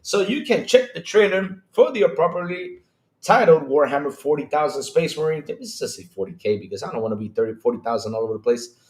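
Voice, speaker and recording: Male stream host, lively high voice with big swings, slangy chat-reading manner, roomy echo. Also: quick pace. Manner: animated, reads chat aloud, slangy asides. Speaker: podcast host. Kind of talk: casual livestream chat, reading news.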